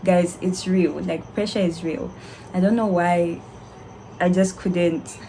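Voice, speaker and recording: A young woman, a doctor, telling a candid, animated story to her vlog viewers with frequent laughter. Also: on the low side, slow pace, a little hiss or hum, rough recording. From Zambia.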